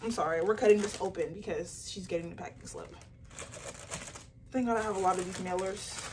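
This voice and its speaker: A young woman chatting casually to her phone camera while packing orders, telling a story in an animated way with lots of "like". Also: medium pitch, fairly quick, recorded from a distance, noisy background. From Nigerian heritage. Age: young adult. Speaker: small business owner vlogger.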